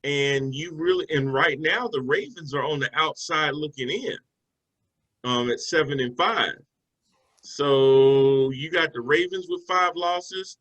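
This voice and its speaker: Man, sports co-host, bright tone, easygoing and chatty, with fillers. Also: fairly high pitch, takes it slowly, low-quality recording. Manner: conversational, loose with fillers and restarts. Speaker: sports talk show co-host. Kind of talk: casual sports analysis chat.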